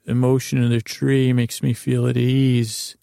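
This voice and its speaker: A man's voice: medium pitch, little pitch movement, a little slow, vocal fry, warm tone, dry recording, studio quality. A man voicing a chatty male bird who used to be a grass salesman, in his own casual, rambling voice. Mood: matter-of-fact.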